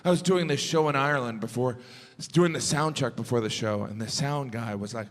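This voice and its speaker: A man's voice: medium pitch, a little fast. A male stand-up comedian on stage, with a wry, exasperated observational delivery into a handheld mic. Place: live venue on stage. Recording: echoey hall with loud ambience.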